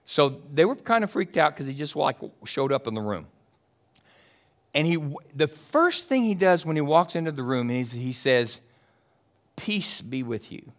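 Pastor, male, preaching a sermon; emphatic and chatty, shifts from loud to hushed. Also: fairly high pitch, sing-song, normal speed. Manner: casual and chatty with the congregation.

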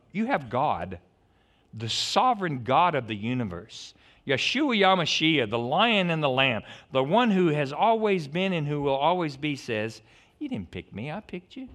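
A middle-aged male pastor with a fairly high voice preaches an animated, digressive sermon. He swings between loud outbursts and hushed stretches.

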